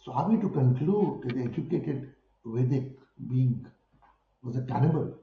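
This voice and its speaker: A man with an Indian English accent answering an interview in an impassioned way, driving his points home with rhetorical questions and forceful peaks. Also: medium pitch, lively intonation, normal speed, creaky, echoey room, lo-fi sound. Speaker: spiritual guru interviewed about cow protection.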